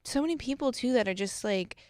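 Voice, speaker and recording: A woman's voice: on the high side, animated, fast talker, mellow, dry recording, clean studio sound. A woman co-hosting a podcast, making her opinions plain point by point in casual chat. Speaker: podcast co-host.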